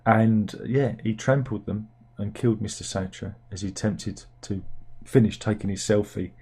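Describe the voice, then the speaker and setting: Low, husky-voiced British man riffing on news. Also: moderate pace, a little mellow. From United Kingdom. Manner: rambling, wry, talks to himself with fillers and restarts. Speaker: satirical news show host. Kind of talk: casual comic news commentary.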